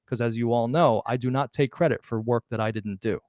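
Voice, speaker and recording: A man hosting a live podcast, talking excitedly and emphatically, often restarting words mid-sentence. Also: mid-range voice, fairly quick, no echo, studio quality. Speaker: podcast host.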